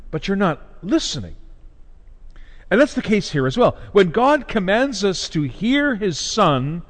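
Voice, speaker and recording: A man preaching a sermon in a measured way, with dramatic pauses and big swings of pitch. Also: long reverb tail. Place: church.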